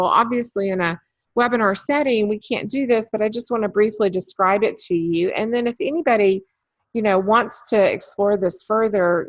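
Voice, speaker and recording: A woman giving a webinar in a chatty, story-telling way, often pausing on "um". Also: medium pitch, no echo. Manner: chatty and anecdotal, with frequent ums. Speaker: webinar presenter. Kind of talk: conversational webinar talk.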